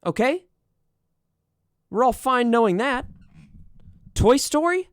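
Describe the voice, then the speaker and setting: A man's voice: very high voice, lively intonation, slow pace, dry recording. A young man streaming and chatting casually, sarcastic and profane as he riffs on what he reads. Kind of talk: casual livestream commentary.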